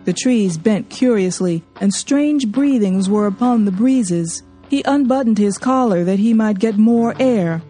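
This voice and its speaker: Mellow-voiced woman reading a novel aloud. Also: medium pitch, measured pace, few pauses, slightly rough, faint music behind. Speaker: audiobook narrator. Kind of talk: storybook reading.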